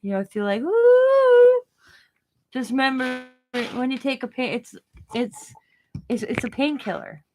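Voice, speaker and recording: A woman's voice: fairly high pitch, normal speed, slight background noise. A woman hosting her craft channel, chatting casually as she works. She rambles, giggles often, repeats herself and has a light stutter. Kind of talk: casual chat while crafting.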